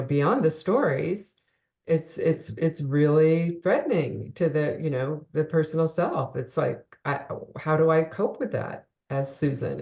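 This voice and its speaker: A woman's voice: sits low, a little mellow, muffled recording. A woman co-hosting a reflective spiritual conversation, thinking aloud with many fillers and restarts. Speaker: co-host discussing a spiritual text.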